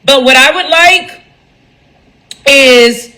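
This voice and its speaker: Woman, blunt and profane live-stream ranter, bright tone. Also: high voice, very slow, rough recording. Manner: blunt, profane, animated, mimics others in quotes. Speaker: commentator speaking on a live stream. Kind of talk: candid monologue on a live stream.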